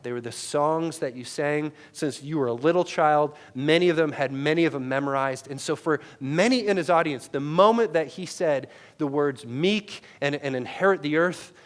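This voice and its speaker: This pastor, a man in his thirties whose voice sits slightly high for a man, preaches through a headset mic. His manner with the congregation is conversational, with frequent "right?" check-ins, and he swings from loud, emphatic moments to quiet, low asides.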